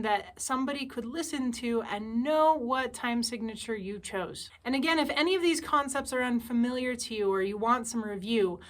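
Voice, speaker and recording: A woman teaching music theory, talking through a composition step by step, thinking aloud in a tentative, relaxed way. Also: a little high, moderate pace, hardly any pauses.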